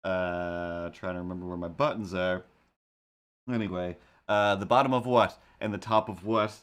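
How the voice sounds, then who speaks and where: A man's voice: sits low, steady tone, normal speed, fairly bright tone. A man hosting a casual live stream, rambling and joking as he talks to his chat.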